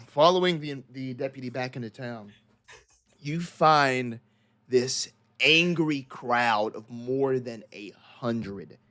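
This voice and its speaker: A man narrating a tabletop horror game as game master, in steady descriptive storytelling. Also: medium pitch.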